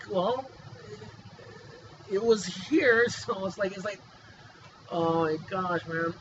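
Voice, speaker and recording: A man's voice: high voice, animated, measured pace, a bit bright. A man talking to camera in a rambling, agitated, pleading way, full of restarts and fillers, in a personal vlog. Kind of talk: emotional personal monologue. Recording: dull lo-fi sound with clear background hiss.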